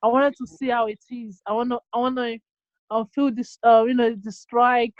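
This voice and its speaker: A woman's voice: fairly high pitch, little pitch movement, normal speed, dry recording. A young Nigerian woman answering interview questions on a video call, hesitant with many ums and restarts. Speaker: guest QA engineer. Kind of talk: casual online interview. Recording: dull dry video call audio.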